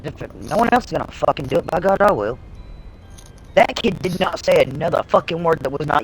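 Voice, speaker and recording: A woman's voice: low-pitched, animated, fairly quick, soft background music, rough recording. A woman livestreamer telling a story in casual talk, blunt and heavily profane. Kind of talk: casual storytelling on a live stream.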